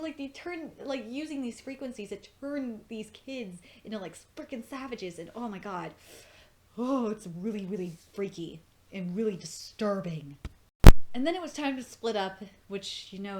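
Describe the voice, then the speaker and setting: A young woman giving an excited, profane, gushing review of a cartoon episode in casual chat. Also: mid-range voice, brisk, hardly any pauses, slight background noise. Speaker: video reviewer.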